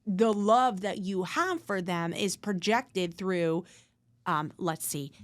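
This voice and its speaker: A woman's voice: medium pitch, animated, slow. Blunt, earnest woman host. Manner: blunt, earnest, swears freely, searches for words. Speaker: attorney and podcast host. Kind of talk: casual conversation.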